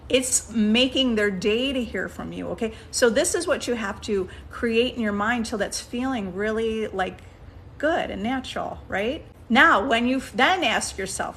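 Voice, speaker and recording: Coaxing woman coach, slightly high voice. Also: unhurried, fairly bright tone, a little hiss or hum. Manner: coaxing, checks in with frequent "okay?" and "right?"; restarts sentences while thinking aloud. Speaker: manifestation coach. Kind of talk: casual coaching talk.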